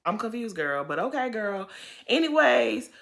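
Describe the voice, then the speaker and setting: A woman's voice: fairly high pitch, big pitch swings, unhurried, creaky. A woman giving an opinionated, casual recap of a reality TV episode, full of "girl" asides and pointed questions. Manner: sassy, opinionated, calls people "girl". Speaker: TV recap host.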